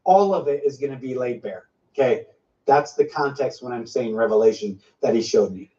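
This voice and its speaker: A preacher shares a prophetic word in an informal teaching, his mid-range voice warm, his intonation lively and his pace moderate. He is emphatic and piles up repeated phrases, and the lo-fi recording sounds dull and slightly distant.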